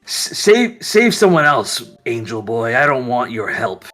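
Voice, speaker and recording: A man's voice: medium pitch, very animated, a little slow, a bit bright, faint music behind. A man voicing a bitter, power-hungry widower who snarls, swears and dismisses others. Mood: dismissive.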